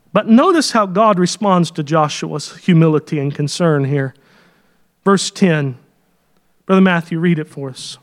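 A man's voice: on the high side, unhurried. A man preaching a sermon with fervor, sometimes dropping into folksy asides. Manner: fervent, acts out quoted prayers.

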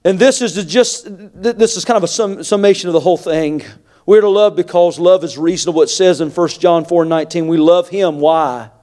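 A middle-aged male pastor preaching a sermon, moving between quiet confiding asides and shouted, climbing exhortation. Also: high-pitched, brisk.

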